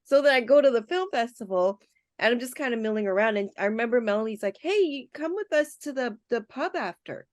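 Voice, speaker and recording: A woman tells a story in a relaxed, chatty way, slipping into little voices for the people she quotes. The sound is dry and close with no room around it. She is a guest programmer on an interview show. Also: a little high, fairly quick, no room sound. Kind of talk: casual storytelling in a podcast interview.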